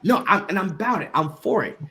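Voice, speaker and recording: A man hosting a podcast, telling stories in casual chat, animated and swearing freely. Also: sits high, fast. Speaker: podcast host.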